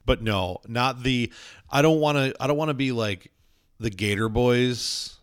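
A man's voice: medium pitch, measured pace, clear, resonant tone, no echo, studio quality. A man chatting casually as a podcast co-host, telling rambling stories full of fillers and playful asides. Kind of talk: casual chat.

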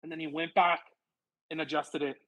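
A man who works in soccer, chatting casually on a podcast in an animated way, laughing often. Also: a little high, normal speed, poor audio. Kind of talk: casual sports chat.

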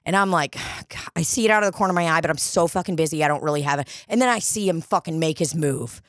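A woman's voice: low-pitched, fast, no echo, clean studio sound. A woman co-hosting a podcast, telling a bar story with lots of swearing and acting out the people she quotes. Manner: profane, animated, acts out quoted voices. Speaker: podcast co-host. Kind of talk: casual storytelling chat. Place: dining room studio.

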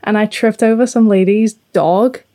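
A woman's voice: mid-range voice, moderate pace, dark tone. A woman co-hosting a podcast, chatting casually and playfully pulling a prank. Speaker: podcast co-host. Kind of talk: casual chat.

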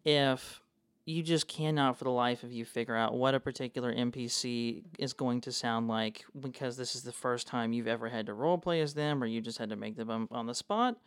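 A young man, a dungeon master co-hosting a podcast, talking in an animated, excitable casual chat and swearing freely. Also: mid-range voice, fairly quick, clean tone, dry recording.

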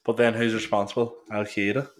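A man's voice: fairly low pitch, little pitch movement, a little fast. A young man with a Northern Irish accent, co-hosting a podcast in casual chat, rambling with lots of "like" and swearing. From Northern Ireland. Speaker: podcast co-host. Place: small home studio.

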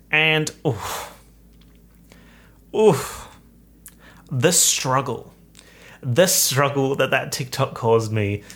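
A young man hosting his own podcast, talking casually in a chatty, campy, animated way. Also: medium pitch. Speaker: podcast host. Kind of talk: casual solo podcast chat.

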